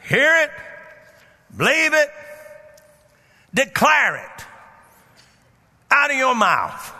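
A man preaching a sermon as pastor, fervent and building up to shouts. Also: very high-pitched, in a large hall.

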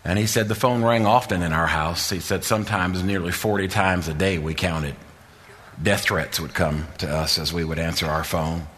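A man preaching a sermon as a pastor, moving from soft, halting talk to loud, rising preaching. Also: deep voice, fairly even intonation. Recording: long hall reverb.

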